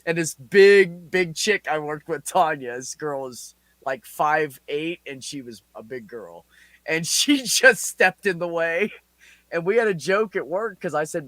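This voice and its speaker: A man's voice: fairly high pitch, measured pace, dry recording. A man in his forties, a podcast host telling a story in casual, heavily profane chat. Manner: profane, animated anecdote with laughs.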